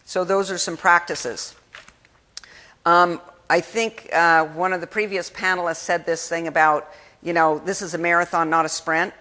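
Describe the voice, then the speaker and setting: A woman giving an energetic keynote speech at a conference, talking in a lively, conversational way and acting out the people she quotes. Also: fairly low pitch, normal speed. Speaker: keynote speaker. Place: conference hall. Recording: long hall reverb.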